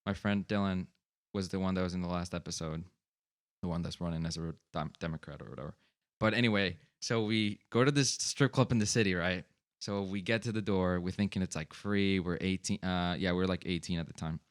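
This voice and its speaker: A young man from Long Island, slightly low in pitch, talks casually with friends on a podcast. He rambles through his story with constant fillers and plenty of swearing. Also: a little fast, clean tone. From Long Island, USA. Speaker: podcast co-host. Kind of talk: casual chat.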